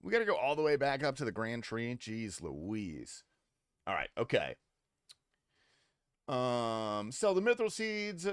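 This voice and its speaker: A man's voice: mid-range voice, wildly swooping pitch, unhurried, pauses often, smooth, no echo. A young adult man streaming a game, talking casually with loose, profane, teasing banter to his chat on a close desk mic. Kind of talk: casual gaming livestream commentary.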